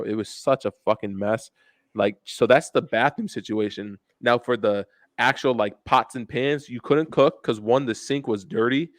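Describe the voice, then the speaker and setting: A man's voice: mid-range voice, no echo, clean studio sound. Young man telling rambling, cursing stories. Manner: rambling storytelling, full of profanity and "bro". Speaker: podcast co-host. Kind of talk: casual podcast chat.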